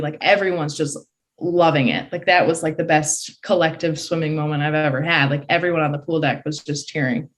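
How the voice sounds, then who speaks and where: Excited young woman telling a story. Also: low-pitched. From Michigan, USA. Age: early 20s. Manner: excited, breathless retelling with many "like" fillers. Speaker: podcast guest, college swimmer. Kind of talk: casual storytelling.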